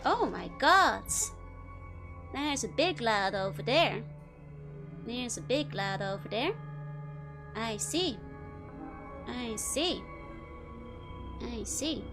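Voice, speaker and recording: A young woman with a high, light voice, chatting with viewers while she plays a game. She laughs easily and talks loosely, full of "like" and "you know". Faint music plays behind her. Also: animated, extremely slow, pauses often. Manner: giggly, answers chat questions, frequent laughter. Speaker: VTuber streamer. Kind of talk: casual gameplay chat with chat.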